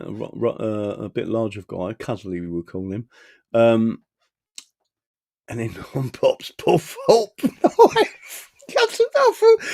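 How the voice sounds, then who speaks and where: Rambling, animated man. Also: mid-range voice, no echo, clean studio sound. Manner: talkative, profane, keeps tagging "right?"; chuckles between phrases. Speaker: political activist streaming. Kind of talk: casual rambling live-stream monologue. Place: his own small home studio.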